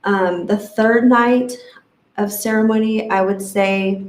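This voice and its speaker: A woman's voice: medium pitch, steady tone, slow, echoey room, poor audio. A woman sharing a personal story in an emotional, rambling way, with many fillers. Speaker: retreat guest sharing her experience.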